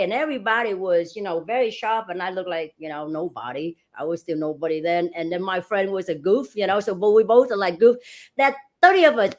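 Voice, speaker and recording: Middle-aged woman, interview guest, mid-range voice. Animated storyteller who acts out dialogue, with non-native grammar. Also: medium pitch. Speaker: real estate broker and franchise owner, guest.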